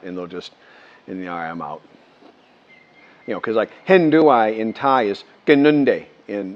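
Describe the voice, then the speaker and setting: Older American man, casual vlog talk, restarts a lot, dull lo-fi sound. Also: lowish voice. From United States. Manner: rambling, many restarts, animated quoting. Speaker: vlogger. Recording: muffled lo-fi sound.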